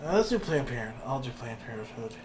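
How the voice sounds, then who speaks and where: A young man co-hosting a casual podcast, soft-spoken and hesitant, often trailing off. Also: very animated, quick pace, background noise. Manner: hesitant, low-key, soft. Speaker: podcast co-host. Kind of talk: casual chat.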